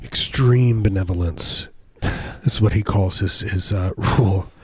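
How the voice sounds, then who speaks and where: A man's voice: deep voice, unhurried, a little mellow, breathy edge, no echo. A man co-hosting a comedy radio chat, rambling through absurd, giggly riffs. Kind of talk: joking casual banter.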